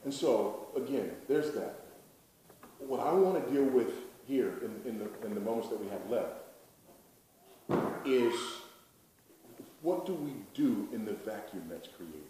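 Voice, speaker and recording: A man's voice: medium pitch, dark tone. A man from the United States preaching a sermon in an emphatic, rhetorical way, repeating his key lines. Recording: very echoey hall, distant mic, faint noise.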